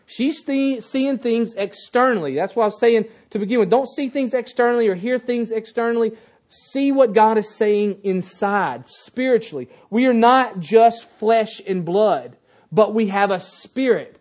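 High-voiced man preaching a sermon. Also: unhurried, a little mellow. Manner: emphatic, repeats key phrases; asks the congregation questions.

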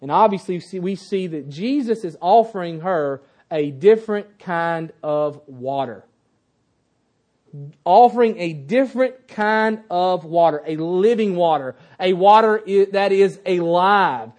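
A man's voice: sits high, animated, a little slow, a little mellow. A man preaching a sermon to his congregation, emphatic and repeating key phrases, often asking the listeners questions.

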